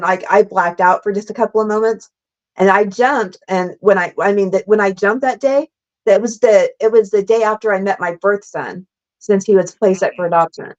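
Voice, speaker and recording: A middle-aged woman guest telling stunt stories in a lively, laughing, casual way, full of "like" and "super freaking cool.". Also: medium pitch. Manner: animated, laughing, fast bursts, says "like" and "super freaking cool" a lot. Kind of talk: casual storytelling interview. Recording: slightly dull lo-fi sound.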